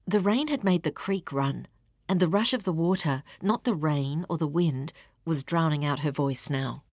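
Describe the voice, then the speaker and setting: A woman narrating an audiobook with a steady, expressive reading. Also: low-pitched, moderate pace, no room sound, clean studio sound. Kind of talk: scripted narration.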